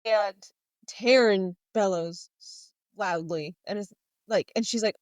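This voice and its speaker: A woman's voice: medium pitch, slow pace, a little mellow, no echo. Chatty woman co-host, dry close sound. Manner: chatty, retells scenes, reads quotes aloud. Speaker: podcast co-host. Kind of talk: casual book discussion.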